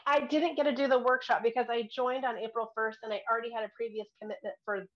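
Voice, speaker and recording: A woman recounts a personal experience in casual conversation. She talks in an excitable, chatty way and giggles easily. Her voice comes through slightly dull and lo-fi. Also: on the high side, quick pace. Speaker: member asking questions. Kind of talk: casual chat.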